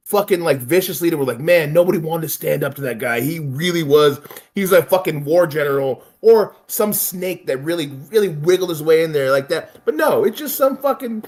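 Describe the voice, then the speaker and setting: A man's voice: on the high side, fairly quick. A man in casual conversation, ranting with lots of swearing and laughter. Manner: profane, animated ranting with laughs. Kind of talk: casual chat.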